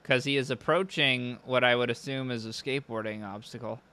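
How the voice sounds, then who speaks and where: A man's voice: mid-range voice, steady tone, brisk, pushed and bright. A young man streaming, giving casual commentary that is profane, sardonic and rambling.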